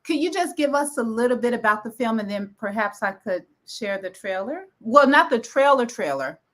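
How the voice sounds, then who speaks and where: Woman interviewer, fairly high voice, lively, conversational. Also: normal speed. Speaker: interview host. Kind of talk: casual interview talk.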